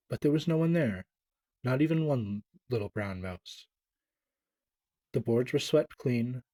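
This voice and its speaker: A man reading a classic children's story aloud, gentle and expressive, with small stumbles. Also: mid-range voice, no echo.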